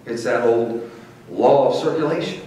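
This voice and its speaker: A man's voice: medium pitch, animated, normal speed. Folksy man in an echoey hall. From Missouri. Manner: folksy, warm storytelling with playful crowd asides. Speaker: motivational speaker. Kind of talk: acceptance speech. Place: large banquet hall. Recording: echoey hall, distant mic, faint hiss.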